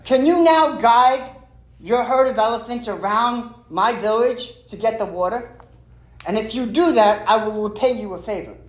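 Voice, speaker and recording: A man's voice: very high voice, moderate pace, reverberant, poor audio. A man voicing a small, polite and brave male mouse leader in a spoken fable, courteous and earnest.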